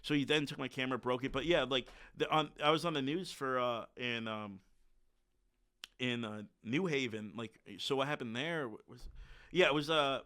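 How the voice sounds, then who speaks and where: Bright-voiced man telling a story. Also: mid-range voice, moderate pace. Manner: animated, acts out quotes. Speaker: podcast guest. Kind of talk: casual storytelling.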